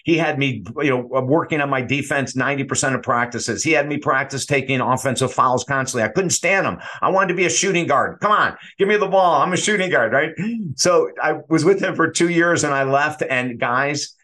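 A man's voice: medium pitch, fairly quick. A middle-aged man, a sports psychology coach, telling stories with energy and acting out what people said. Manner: energetic storyteller acting out quoted voices. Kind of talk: animated guest storytelling.

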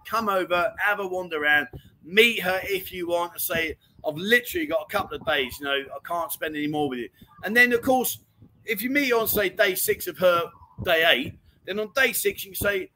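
A man's voice: high-pitched, lively intonation, normal speed, sharp tone, slight background noise, poor audio. A man hosting a casual livestream chat from home, reading viewer comments and calling everyone mate. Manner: chatty and matey, keeps calling people mate. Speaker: livestream chat show host. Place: home in Pattaya.

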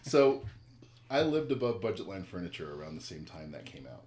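A man co-hosting a casual podcast, an animated storyteller who jokes around and swears freely. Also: deep voice, fairly quick, echoey room, a little hiss or hum. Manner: animated storyteller, jokey and profane. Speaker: podcast co-host.

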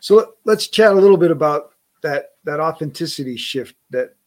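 A male podcast host sets up his next question in a thoughtful, measured way. He builds his point by stacking up a list of phrases before handing it over to his guest. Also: on the high side, lively intonation, darkish tone. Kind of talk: interview question.

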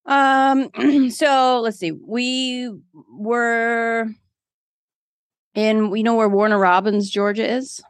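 Lively self-deprecating woman, dry close sound. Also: fairly high pitch, very slow, no room sound. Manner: animated, self-deprecating, laughs often. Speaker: guest. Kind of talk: casual interview storytelling.

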